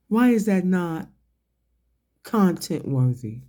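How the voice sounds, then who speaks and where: Here the commentator's voice is a little high with a dark tone. Addressing the camera, he rants confrontationally and profanely, slowly pressing pointed questions as he ridicules someone one point at a time.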